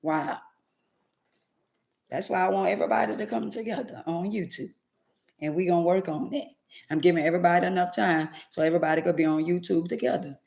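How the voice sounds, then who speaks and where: A woman's voice: fairly low pitch, fairly even intonation, fairly quick, creaky, a little mellow. A middle-aged woman hosting a casual livestream, speaking in a heartfelt, preachy way and talking to viewers by name. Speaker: livestream host.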